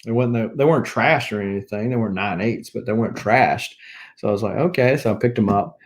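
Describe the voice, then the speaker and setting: Here a comic book collecting vlogger with a Southern US accent chats casually in a brisk, lowish voice. It's a rambling show-and-tell where he lists off his pieces one after another.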